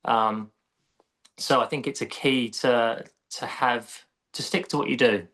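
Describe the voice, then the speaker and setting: English male golf coach, mid-pitched, easygoing conversational delivery. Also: a little slow. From England. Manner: relaxed, explanatory, conversational. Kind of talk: casual podcast interview.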